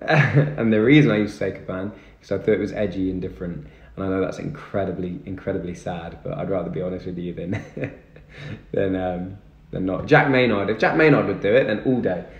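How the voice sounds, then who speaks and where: A young male livestreamer chats casually, thanking viewers and answering their comments. His voice is deep and fairly quick, the audio dull, recorded in an echoey room with music behind him.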